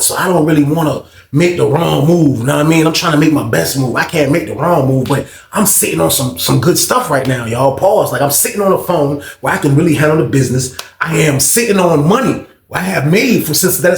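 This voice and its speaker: A man's voice: fairly high pitch, lively intonation, fairly quick, gravelly, hardly any pauses, roomy sound, slight background noise. A man telling a casual storytime monologue in slang, acting out both sides of the conversations.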